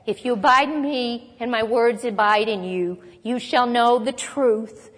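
A woman's voice: a little high, unhurried, a bit bright. A woman preaching a Bible lesson, earnestly explaining verses and reading scripture aloud. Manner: earnest teaching, reads scripture aloud, occasional light laugh. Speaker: Bible teacher. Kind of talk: sermon. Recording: long hall reverb.

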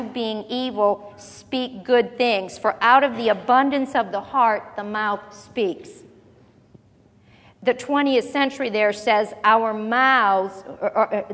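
Woman preacher, fairly high voice, conversational sermon, long hall reverb. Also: a bit bright. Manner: conversational, asks the congregation questions; slows down to read scripture aloud. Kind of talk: sermon Bible teaching.

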